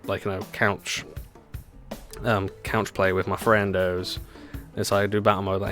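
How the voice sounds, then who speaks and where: A low-voiced man talks through his racing stream in a relaxed, rambling way, laughing at himself and answering chat. Clear game music plays underneath his voice throughout. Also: normal speed. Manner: chatty, self-deprecating, laughs often, reads chat aloud. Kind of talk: casual gameplay commentary.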